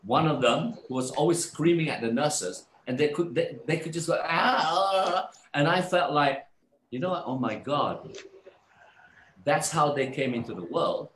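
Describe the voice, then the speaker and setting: A man of middle pitch tells a personal story in a loose, conversational way. He animates it, mimicking the people he describes. His voice carries a noticeable roomy echo. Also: animated, normal speed, slight background noise. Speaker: guest. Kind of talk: casual storytelling in a live online talk.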